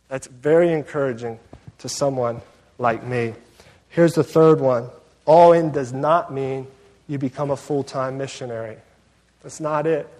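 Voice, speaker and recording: A man preaching a sermon as pastor, telling a story with lively acted-out asides and self-mocking humor. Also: a little high, in a large hall.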